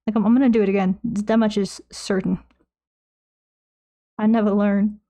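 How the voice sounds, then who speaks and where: A woman's voice: mid-range voice, level tone, moderate pace, mellow. A young woman streaming while she paints, chatting casually into a desk mic, rambling and poking fun at herself as she answers her chat. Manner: rambling, self-mocking, reads chat aloud. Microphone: desk microphone close by.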